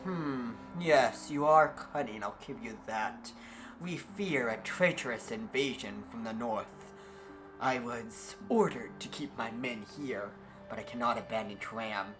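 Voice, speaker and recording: A man voicing a weary, world-worn male captain who gives orders gravely, with game music behind. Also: mid-range voice, a little slow, natural voice. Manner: grave, commanding.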